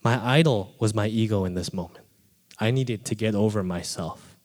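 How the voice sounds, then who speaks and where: A man preaching a sermon, telling a personal story with animated delivery and acting out his own quoted thoughts. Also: fairly low pitch, normal speed. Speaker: pastor. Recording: reverberant hall.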